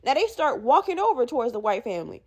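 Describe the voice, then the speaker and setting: Animated, foul-mouthed young woman storyteller. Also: on the high side, fast talker. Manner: animated, profane, acts out quoted people in raised voices. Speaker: podcast host. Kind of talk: casual storytelling.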